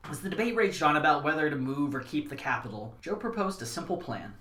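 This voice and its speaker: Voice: medium pitch, big pitch swings, fast talker, a bit bright. Podcast host with a roomy echo. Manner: wry, joking asides. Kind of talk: scripted history narration mixed with casual chat.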